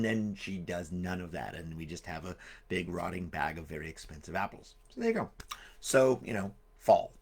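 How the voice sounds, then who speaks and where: Jokey man telling stories, gravelly voice. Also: deep voice. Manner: jokey, rambling asides. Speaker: storyteller. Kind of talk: live-streamed storytelling for kids.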